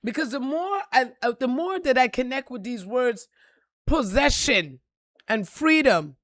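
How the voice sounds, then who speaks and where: A woman giving an impassioned, profane motivational talk on a live stream, repeating lines and building to shouts. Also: high voice, expressive, unhurried, no echo, clean studio sound. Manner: preachy, profane, rising to shouts.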